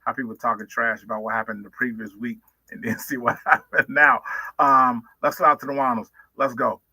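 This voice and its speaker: A man's voice: mid-range voice, fairly even intonation, fairly quick, bright, forceful tone, breathy edge, dry recording. A man hosting sports talk radio, loose and slangy as he reads out the call-in numbers. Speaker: radio show host.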